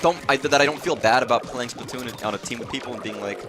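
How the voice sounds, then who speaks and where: A man's voice: medium pitch, fast talker, background noise. A man giving casual, profane, rambling commentary while streaming a video game live. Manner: rambling, profane, restarts phrases.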